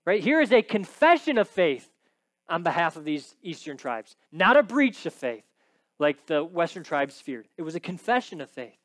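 A man's voice: fairly high pitch, sing-song, moderate pace, a bit bright, no echo. A man preaching a sermon, teaching emphatically and often checking in with his listeners. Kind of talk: sermon with scripture reading.

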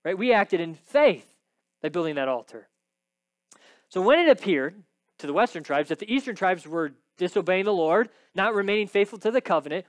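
A male preacher with a fairly high voice teaches through a passage with emphatic stress, often tossing out a quick "right?" to his listeners. The sound is dry and close, with almost no room around him. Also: no echo. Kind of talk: sermon with scripture reading.

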